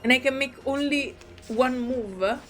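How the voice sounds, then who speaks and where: A woman's voice: sits high, a little slow, fairly bright tone, faint music behind. A woman streaming a game who reads its dialogue aloud and reacts with emotion and frequent swearing. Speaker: gaming streamer.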